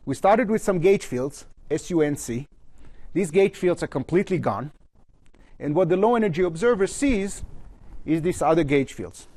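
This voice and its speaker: A man giving a university physics lecture at a blackboard, his phrases often trailing off low at the end. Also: moderate pace. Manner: lively pitch, trails off low at phrase ends. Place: lecture hall.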